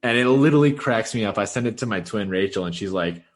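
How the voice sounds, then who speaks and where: Deep-voiced young man, rambling chat. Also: expressive, fast. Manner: rambling, many fillers, chuckles often. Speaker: podcast co-host. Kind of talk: casual chat.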